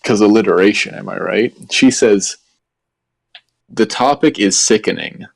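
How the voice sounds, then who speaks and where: A man's voice: lowish voice, measured pace, creaky. A man co-hosting a casual comedy podcast, crude and joking, swearing often. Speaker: podcast co-host.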